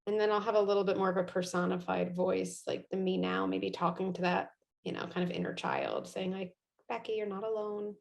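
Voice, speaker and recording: A woman's voice: lowish voice, completely flat delivery, a little fast, gravelly. A middle-aged woman, a parenting psychologist, thinking aloud as an interview guest, with many fillers and a reflective manner. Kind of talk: conversational interview.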